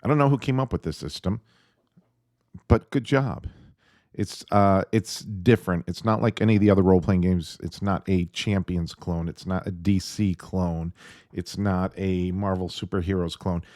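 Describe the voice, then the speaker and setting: Male home reviewer, deep, chatty, excited, rambles with fillers; dry close sound. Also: moderate pace, dry recording. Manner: rambling and enthusiastic, with many fillers. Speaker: tabletop game reviewer. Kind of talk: casual video review. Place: at home with his dog nearby.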